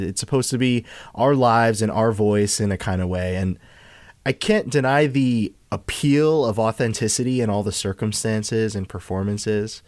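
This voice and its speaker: A man's voice: lowish voice, darkish tone, no echo. A man co-hosting a podcast, talking through a film in casual chat, rambling and full of fillers and restarts. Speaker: podcast co-host.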